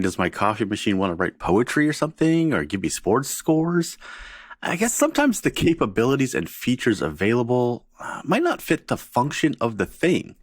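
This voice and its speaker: A man hosts a chatty podcast with a playful, teasing manner. His pitch moves up and down a lot as he talks. The sound is close and dry, with no room around it. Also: no room sound. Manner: jokey, animated, laughs often. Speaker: podcast host. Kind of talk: casual podcast chat.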